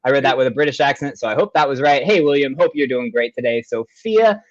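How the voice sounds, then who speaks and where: A man's voice: medium pitch, fast, no echo, muffled recording. A man hosting a live online show, greeting viewers with upbeat, effusive chatter over a video call. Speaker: show host.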